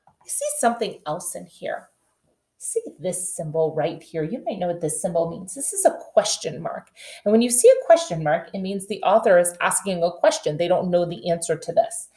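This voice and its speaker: A woman with a lower voice leads a phonics lesson for small children, her pitch swinging up and down in a lively way. She sounds out letters and word chunks slowly and clearly, then coaxes her young learners with patient questions. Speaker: teacher.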